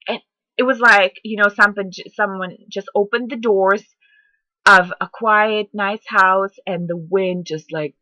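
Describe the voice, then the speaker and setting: A woman's voice: mid-range voice, unhurried, no echo, highs cut off. Fervent woman giving a motivational talk. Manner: energetic, fervent, repeats herself. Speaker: home business vlogger.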